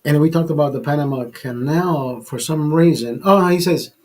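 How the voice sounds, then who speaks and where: A man's voice: a little high, moderate pace, a little mellow. A man hosting a casual show, telling a long rambling anecdote full of swearing and acted-out quotes. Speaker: host. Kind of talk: casual storytelling chat.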